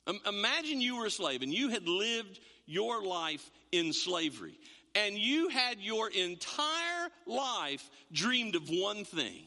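Male pastor, high lively voice, bright tone; sermon in a reverberant sanctuary. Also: takes it slowly. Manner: animated, repeats words, acts out quotes. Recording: long hall reverb.

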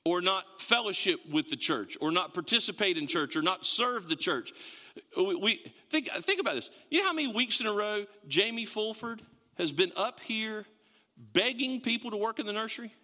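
A man's voice: high-pitched, lively intonation, normal speed, pushed and bright, long reverb tail. A man preaching a sermon in a conversational, joking way, with emphatic bursts when he drives a point home. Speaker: pastor. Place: church sanctuary.

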